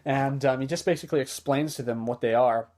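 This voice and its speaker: A man's voice: medium pitch, fairly quick, a little mellow, a little hiss or hum. Man, movie review vlogger, casual rambling delivery, lots of fillers, easygoing, enthusiastic. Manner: rambling, loose retelling full of "like" and restarts.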